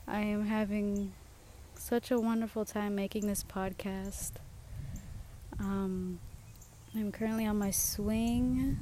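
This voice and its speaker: A woman's voice: medium pitch, fairly even intonation, slow pace, slight background noise. A young woman hosting her own podcast, talking in a reflective, heartfelt way from a swing outdoors among trees. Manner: reflective and heartfelt, with soft laughs. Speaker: podcast host. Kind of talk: casual personal podcast monologue.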